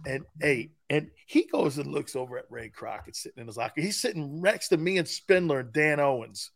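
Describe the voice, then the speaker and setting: A middle-aged man co-hosting a casual sports talk show, telling stories loudly and with animation. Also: fairly high pitch, fairly quick, gravelly. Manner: loud, animated storytelling. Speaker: co-host.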